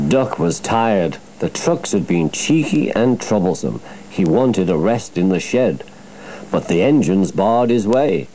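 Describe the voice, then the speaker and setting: A man narrating a children's storybook in a slow, expressive storytelling manner. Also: low-pitched, a little hiss or hum.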